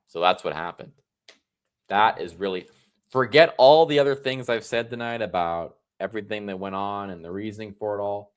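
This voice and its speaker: A man's voice: fairly low pitch, normal speed, clean tone. A man in his thirties from the United States, giving sarcastic political commentary on a solo livestream, often restarting his sentences. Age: 30s.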